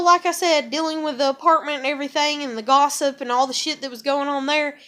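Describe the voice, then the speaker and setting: Speaking to the camera, a female vlogger vents angrily in a profane monologue, repeating herself and swearing heavily. Her voice is high with a fairly bright tone.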